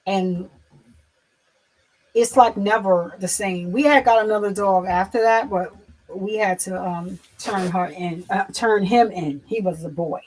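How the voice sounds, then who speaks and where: A woman chatting casually on a livestream, rambling with many fillers and restarts, turning soft and emotional as she speaks of loss. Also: mid-range voice, measured pace, low-quality recording. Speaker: livestream host.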